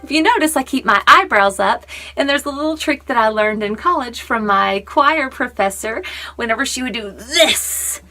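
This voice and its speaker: A young adult woman teaching a vocal warm-up lesson in an upbeat coaching manner. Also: a little high, expressive, moderate pace, soft background music. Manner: upbeat, coaching, demonstrates sounds. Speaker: online English teacher.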